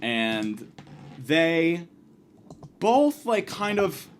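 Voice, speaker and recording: A man hosting a podcast, telling a rambling, profane comic story in a casual, animated way. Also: a little high, a little hiss or hum. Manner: profane, rambling, fast, lively delivery. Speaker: podcast host.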